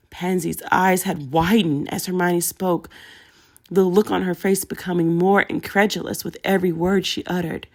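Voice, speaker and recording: A woman narrating a story in a steady, even reading. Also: fairly low pitch, normal speed. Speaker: audiobook narrator.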